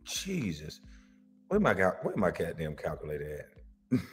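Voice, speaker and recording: Animated guy reacting to clips, kinda low voice, echoey hall sound. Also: normal speed, soft background music. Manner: animated, laughing, swings from loud to muttered. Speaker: reaction video host. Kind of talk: casual reaction commentary.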